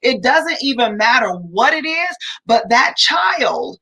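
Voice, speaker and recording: A woman's voice: a little high, very animated, slow pace, bright, forceful tone, breathy edge, rough recording. A woman co-hosting a family talk livestream, telling stories animatedly and calling her viewers y'all. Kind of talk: casual livestream chat.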